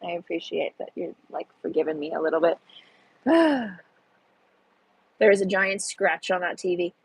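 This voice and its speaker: A woman's voice: lowish voice, animated, normal speed, slightly rough, no echo, rough recording. A young woman, hosting a casual live stream and chatting through the chat with a self-deprecating manner. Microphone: phone.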